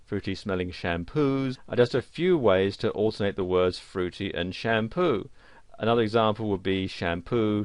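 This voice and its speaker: A man's voice: on the low side, gravelly, no echo. A man narrating an online course tutorial in a plain, explanatory way. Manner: plain explanatory delivery with fillers. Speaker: course instructor. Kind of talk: screen-recorded tutorial narration.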